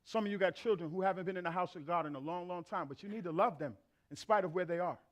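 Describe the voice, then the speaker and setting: High-pitched middle-aged male pastor, lively storytelling preacher in a church. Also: fast. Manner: animated storyteller acting out family dialogue. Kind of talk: sermon with comic anecdotes. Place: church sanctuary.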